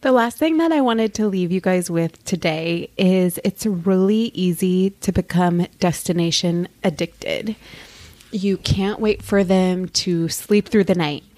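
Spokojna kobieta, podcastowa rozmowa. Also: female voice, on the low side, measured pace. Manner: calm, reflective, candid. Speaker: podcast co-host. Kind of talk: casual podcast chat.

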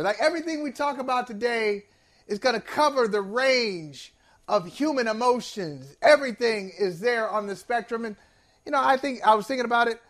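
A man's voice: high-pitched, fairly bright tone. A man hosting a sports talk show, talking in a discursive, emphatic way with playful asides. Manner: sincere and playful, laughs at himself.

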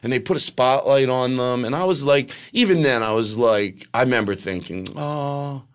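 Smooth and brisk at a medium pitch, this middle-aged guest comedian casually spins a rambling story from his own life. Much of it comes through lines of quoted dialogue.

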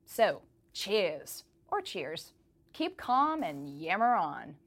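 A woman's voice: fairly low pitch, sing-song, extremely slow. A woman from the United States delivering a humorous scripted commentary as a correspondent, speaking in a put-on English accent with a playful, teasing, mock-posh delivery.

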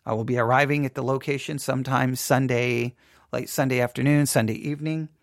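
Earnest halting pastor, gravelly voice. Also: male voice, medium pitch, fairly even intonation, no room sound, studio quality. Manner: earnest, halting, repeats words. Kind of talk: personal podcast monologue.

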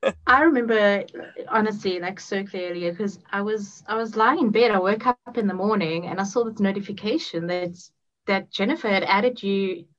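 A woman from Africa, a podcast guest talking in an earnest, halting way and often repeating her words. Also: mid-range voice, fairly bright tone, dull audio. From South Africa. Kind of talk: casual conversation.

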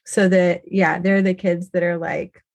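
A woman's voice: fairly low pitch, level tone, a little slow, darkish tone. A woman in her thirties, a podcast guest, talking casually about her faith and her kids, rambling with lots of "like" and "you know".

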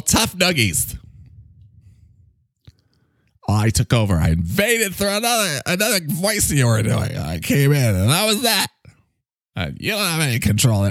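A man voicing a cocky, needy male talking microphone that swoops in pitch and bursts into shouts. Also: no room sound, clean studio sound. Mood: bossy. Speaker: podcast co-host character. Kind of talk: improvised comedy bit.

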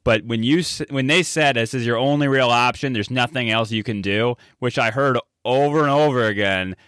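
Bright, dry-voiced male interviewer. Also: medium pitch, moderate pace, clear, resonant tone, dry recording. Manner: engaged, encouraging questions. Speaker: host. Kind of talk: interview conversation.

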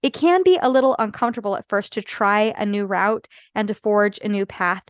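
A woman's voice: mid-range voice, animated, fairly quick, clear, resonant tone, dry recording. A woman podcaster and life coach talking earnestly to listeners, explaining ideas step by step and checking in with frequent asides. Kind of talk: solo podcast talk.

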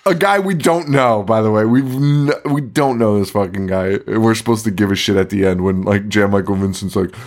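A man's voice: on the low side, normal speed, few pauses. Profane, rambling man in casual podcast chat. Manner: rambling, profane, laughs often. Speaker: podcast co-host. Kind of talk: casual movie-review chat.

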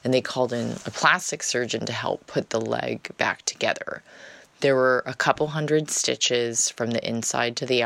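A woman's voice: very deep voice, creaky, fairly bright tone, dry recording. A woman telling a personal story in a casual, chatty monologue, often dropping "like" as filler.

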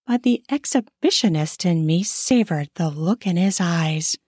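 A woman narrates an erotic story in the first person, taking her time over every phrase. Her reading is slow and intimate, and the close, dry recording has no room sound around her voice. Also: fairly low pitch, animated, a little mellow, no echo. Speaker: narrator and author.

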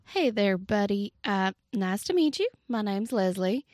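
A woman's voice: medium pitch, expressive, unhurried, darkish tone, dry recording, studio quality. A woman playing a tabletop game in character, friendly and polite, a bit hesitant. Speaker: player.

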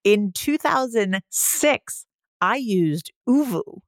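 A woman co-hosting a podcast in casual chat, chatty and laughing often, with animated asides. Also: medium pitch, slow, dry recording, clean studio sound. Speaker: podcast co-host.

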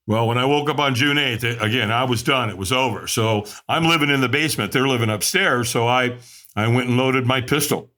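A middle-aged man, a podcast guest, telling his own story candidly and animatedly, acting out the voices of people he quotes. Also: brisk. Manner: animated, acts out quoted voices with big pitch jumps.

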